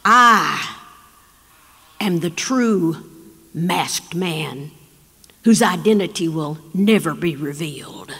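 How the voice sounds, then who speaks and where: A woman voicing a gentle, proud janitor father with a baritone voice, in a live storytelling show. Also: animated, slow pace, pauses often, breathy edge, heavily acted. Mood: grand. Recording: long reverb of a performance hall.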